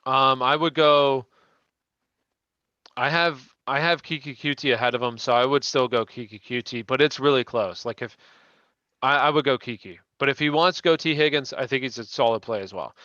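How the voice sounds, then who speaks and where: A man's voice: medium pitch, normal speed, bright, forceful tone, dry recording, muffled recording. A man hosting a live question-and-answer stream, chatting casually and restarting his sentences as he answers viewers. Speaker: fantasy football show host.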